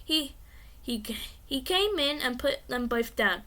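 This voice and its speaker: A woman reading a children's storybook aloud in a lively, expressive way. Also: sits high, slow pace. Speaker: reader.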